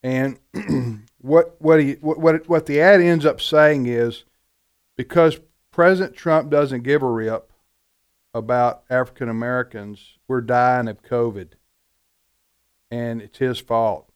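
A man's voice: mid-range voice, slow pace, clear, resonant tone. A man co-hosting a talk radio show, speaking emphatically and repeating words as he presses his point. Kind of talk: conservative talk radio discussion.

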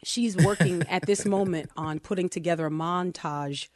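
Animated middle-aged woman telling a story. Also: on the low side, moderate pace, dry recording, studio quality. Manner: animated, self-deprecating, laughs while telling. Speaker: co-host. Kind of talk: casual storytelling chat.

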